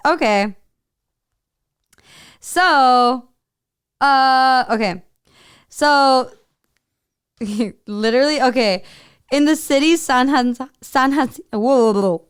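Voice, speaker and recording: A woman's voice: a little high, lively intonation, takes it slowly, long pauses, smooth, no echo, studio quality. A woman co-hosting a casual podcast, chatting and sometimes reading notes aloud, with lots of "like" fillers. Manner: chatty, many "like" fillers, stumbles when reading. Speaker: podcast co-host.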